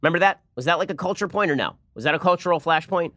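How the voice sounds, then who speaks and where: A man hosting a political commentary show, arguing in a sarcastic, rapid-fire way. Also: on the high side, bright, forceful tone, dry recording.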